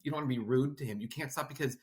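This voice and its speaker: A man's voice: medium pitch, racing. A man hosting an interview as a rabbi, reflecting on the story with enthusiasm. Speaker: host rabbi. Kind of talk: interview chat.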